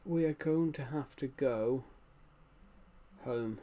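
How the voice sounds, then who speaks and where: A young man talks casually to his live-stream audience while he plays a game. He rambles and restarts his sentences, often correcting himself. His voice sits at an ordinary middle pitch. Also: slow, mellow. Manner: rambling, self-correcting, chatty with viewers. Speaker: livestreamer.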